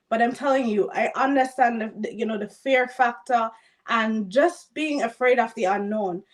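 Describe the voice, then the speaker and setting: A woman with a fairly high voice tells her story with emphatic, motivational conviction. She speaks as a panelist sharing her testimony. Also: moderate pace.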